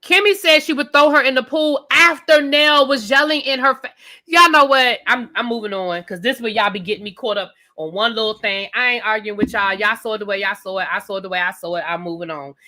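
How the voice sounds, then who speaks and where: A woman hosting a live TV review show, talking loudly and emphatically straight to her viewers in a casual rant. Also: fairly high pitch, brisk. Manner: loud, emphatic, talks straight to the audience.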